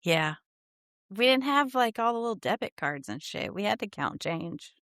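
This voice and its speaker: Middle-aged woman telling lively anecdotes. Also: mid-range voice, normal speed, no room sound, clean studio sound. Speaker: podcast co-host. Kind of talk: casual chat.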